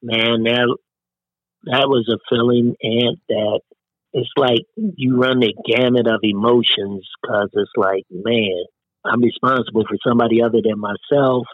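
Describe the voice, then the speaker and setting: A man's voice: mid-range voice, fairly even intonation, unhurried, no room sound. Earnest middle-aged man, dull lo-fi sound. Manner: earnest, peppers speech with "man". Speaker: guest. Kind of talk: casual interview talk.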